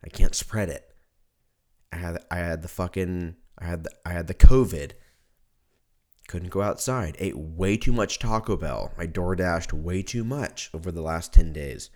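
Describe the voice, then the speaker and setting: A man's voice: low-pitched, a little slow, darkish tone. A man hosting his own podcast in a casual solo monologue, drunk, congested, rambling and swearing freely. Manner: rambling and profane. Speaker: podcast host. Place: at home.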